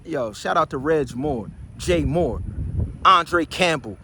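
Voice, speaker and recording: A man, delivering a loud, boastful street monologue full of shouted rhetorical questions. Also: fairly high pitch, lively intonation, slow, slight background noise. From New Jersey. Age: high school in 1975, so 60s.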